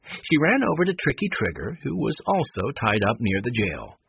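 A man narrating a children's storybook in a calm, measured, expressive way, on a dull lo-fi recording. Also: mid-range voice, creaky, breathy edge, dry recording. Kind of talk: storybook reading.

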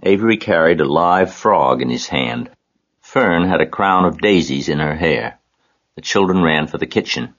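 Very deep-voiced man reading a storybook. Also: moderate pace, a bit bright, highs cut off. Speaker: audiobook narrator. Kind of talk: storybook narration.

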